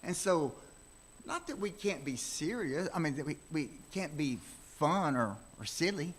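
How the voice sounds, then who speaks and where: A man's voice: on the high side, expressive, a little slow, a little hiss or hum. Folksy man teaching a church class. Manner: folksy, rambling storytelling with restarts. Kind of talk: casual church class talk with personal stories.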